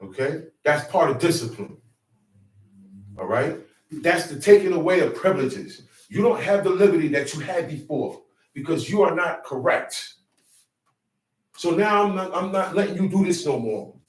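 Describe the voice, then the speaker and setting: High-pitched emphatic preacher man. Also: animated, normal speed, reverberant, far from the mic, poor audio. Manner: emphatic, streetwise preaching with call-and-response. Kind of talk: sermon teaching.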